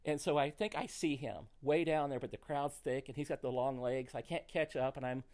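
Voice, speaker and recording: A man, a comedian, telling a story in casual chat, animated and laughing through it. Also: medium pitch, moderate pace. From rural United States. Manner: animated, laughs through his own stories. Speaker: comedian guest.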